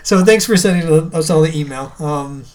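A man's voice: a little high, moderate pace, a little mellow. Joking man co-hosting a podcast. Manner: joking, laughs often. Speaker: podcast co-host. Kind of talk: casual chat.

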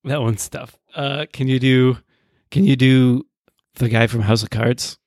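A man's voice: mid-range voice, fairly even intonation, measured pace, a little mellow, dry recording, studio quality. A man chatting casually on a podcast, laughing often and hesitant about his own attempts. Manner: laughing, self-deprecating, hesitant. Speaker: podcast co-host. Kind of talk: casual chat. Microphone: headphones, podcast mic.

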